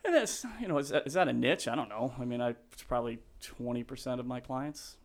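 Middle-aged male guest for an interview: sentimental and earnest, with a rambling, restart-heavy delivery. He sits in the middle of the pitch range. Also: quick pace. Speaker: real estate agent, guest. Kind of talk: casual podcast interview.

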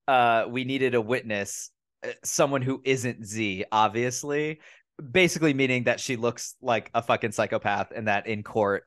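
A man hosting a casual movie review podcast, recapping scenes in a profane, mocking, animated way. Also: medium pitch, no echo, clean studio sound. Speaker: podcast host.

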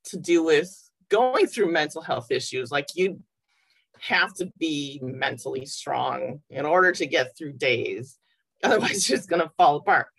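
A woman guest in a casual interview, talking in a lively, reflective way with a husky voice. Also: sits low, unhurried. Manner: lively, reflective, laughs easily.

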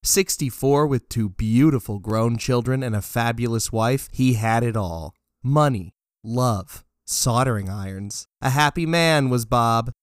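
A man reading dark fiction aloud in a flat, deadpan first-person narration. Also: medium pitch, unhurried, smooth, no room sound, clean studio sound. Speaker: story narrator.

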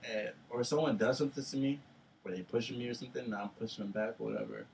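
Fast-talking man, heard from far off. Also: medium pitch, fairly even intonation, vocal fry, darkish tone. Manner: quick, laughing interjections, slangy. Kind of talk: casual chat. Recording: distant mic with faint background noise.

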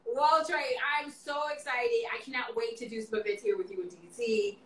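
A woman's voice: fairly high pitch, steady tone, moderate pace, a bit bright, a little hiss or hum. A woman hosting a casual live-stream chat, giggly and playful, slightly slurring after some wine. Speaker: host. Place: home, Maryland area. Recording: echoey room, away from the mic.

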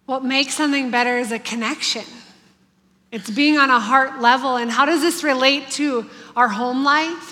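Bright-voiced woman in a reverberant hall. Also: high voice. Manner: earnest, heartfelt, conversational. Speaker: church speaker on family life. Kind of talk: devotional talk to a congregation.

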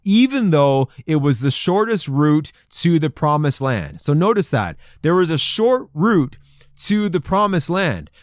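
Animated high-voiced male preacher. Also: no echo, studio quality. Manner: animated, acts out crowd voices in quotes. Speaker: pastor. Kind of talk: sermon to men.

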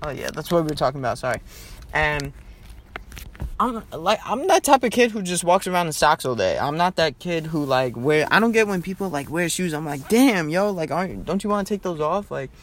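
A man's voice: on the high side, expressive, a little fast, a bit bright. A teenage man hosting a casual solo podcast from his parked car, rambling and joking with lots of "like" and swearing. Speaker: podcast host.

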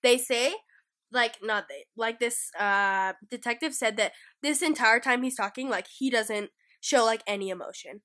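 A woman's voice: a little high, normal speed, pushed and bright. A woman with a cough, retelling a true-crime case in a casual, rambling way with lots of fillers. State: sick, coughing between lines. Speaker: guest storyteller.

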